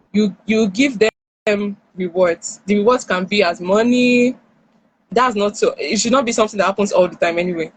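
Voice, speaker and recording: Animated Nigerian woman giving parenting tips. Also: mid-range voice, slightly rough, poor audio. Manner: animated, acts out parent and child lines. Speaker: parenting speaker. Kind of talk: live-stream talk. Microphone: phone or headset on a live stream.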